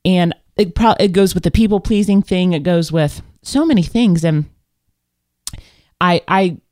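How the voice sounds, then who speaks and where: Animated storytelling woman, dry close sound. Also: lowish voice, measured pace, no room sound. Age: adult with children. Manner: animated storyteller, candid and self-reflective. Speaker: podcast co-host. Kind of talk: casual chat.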